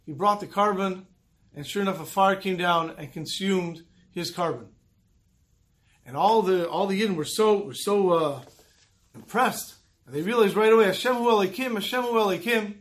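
A man teaching a Torah lesson, retelling stories with lively quoted voices. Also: high voice, moderate pace. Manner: animated storyteller acting out quotes.

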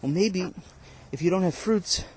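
A man's voice: high-pitched, a little slow, husky, pitched above the performer's own voice. A man voicing a poor, timid farmhand who hesitantly pleads for his wages. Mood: timid pleading. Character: poor timid male farmhand asking for pay.

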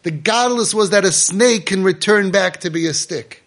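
A man's voice: sits high, moderate pace, fairly bright tone. A man giving an impassioned Torah sermon to parents, emphatic and repetitive as a speaker and guide.

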